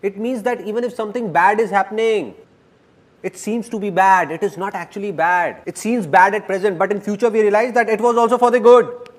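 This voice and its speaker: A man giving a playful, animated motivational speech to a live audience. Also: high-pitched, fairly quick, background noise. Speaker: motivational speaker.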